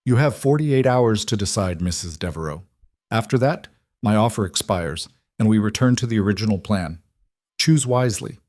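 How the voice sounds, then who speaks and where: A man reading the part of a cultured male crime boss with a faint Russian accent, smooth and persuasive. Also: fairly low pitch, expressive, moderate pace, darkish tone, no room sound, clean studio sound, close to an everyday voice. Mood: smooth menace.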